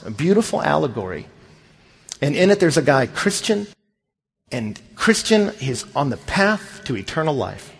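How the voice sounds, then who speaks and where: Husky-voiced man preaching animatedly. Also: on the high side. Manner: animated, acts out quoted voices. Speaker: pastor. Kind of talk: sermon with storytelling.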